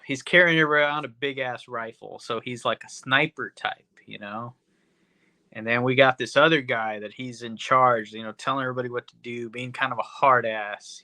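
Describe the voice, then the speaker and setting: A man's voice: medium pitch, pushed and bright, dry recording. A man hosting a podcast, recapping a movie in a rambling, profane, casual way full of "you know". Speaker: podcast host.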